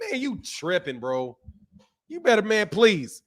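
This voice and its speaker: A man in his forties hosting a channel, talking in an animated, repetitive casual rant and laughing often. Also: high voice, measured pace. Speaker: boxing channel host.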